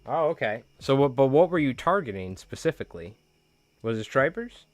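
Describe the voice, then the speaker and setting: A man's voice: medium pitch, sing-song, normal speed, no echo. A man hosting a live fly tying stream, chatting casually in slang with viewers while he ties.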